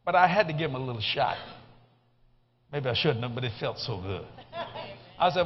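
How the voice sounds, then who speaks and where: An older man with a Cajun Louisiana accent, preaching a humorous sermon in a folksy, animated way and laughing often. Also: medium pitch, normal speed, pauses often, a crowd in the background. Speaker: guest preacher. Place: church sanctuary. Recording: muffled live sermon recording with background noise.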